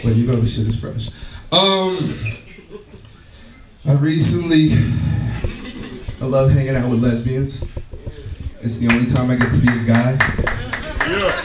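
A man doing a profane, animated stand-up comedy set on a club stage, acting out the people in his stories. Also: medium pitch, a little slow, long pauses, noisy background. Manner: profane, animated, acts out characters. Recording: echoey live room, distant, music behind.

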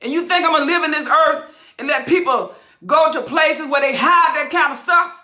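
A woman's voice: high-pitched, moderate pace, sharp tone. A woman teaching the Bible verse by verse, preaching with passion, hollering and repeating phrases for emphasis. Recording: roomy echo.

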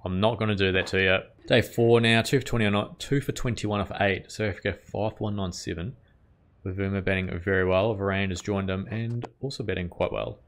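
Aussie bloke with a low gravelly voice yelling and muttering over his cricket game, swears a lot. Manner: excitable, swears at the game, quick reactions. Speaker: gaming channel host. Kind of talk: casual gameplay commentary.

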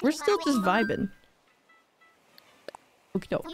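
A woman's voice: medium pitch, lively intonation, moderate pace, pauses often, music in the background. Giggly young woman streamer chatting. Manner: bubbly, giggly, rambling, reads chat aloud. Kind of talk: casual live-stream chat.

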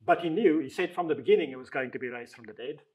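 A man leading a group Bible discussion in a conversational way, reading scripture aloud slowly and asking the group questions. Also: on the high side, darkish tone, rough recording. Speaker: Bible study leader.

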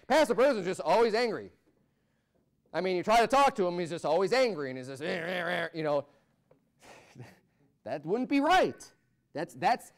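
An American man preaching a sermon as pastor, swinging from loud, rising peaks to low asides. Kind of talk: fiery Baptist sermon.

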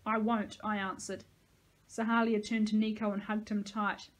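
A woman teacher reading a novel aloud to her class, steady and plain. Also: medium pitch, moderate pace.

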